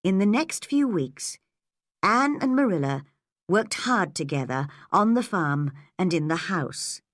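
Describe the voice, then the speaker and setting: Slow, measured woman storyteller. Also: lowish voice, very animated, no room sound, clean studio sound. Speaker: narrator. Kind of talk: graded storybook reading for English learners.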